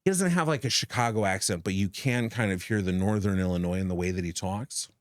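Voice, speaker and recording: A low-voiced man who talks fast co-hosts a live stream, drifting through a casual, playful, rambling chat as he thinks out loud. There's no room sound.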